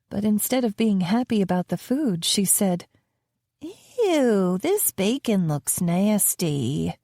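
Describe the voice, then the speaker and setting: Warm, dry-voiced woman narrating. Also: mid-range voice, no echo. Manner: calm, measured storytelling. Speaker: audiobook narrator. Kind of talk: first-person audiobook narration.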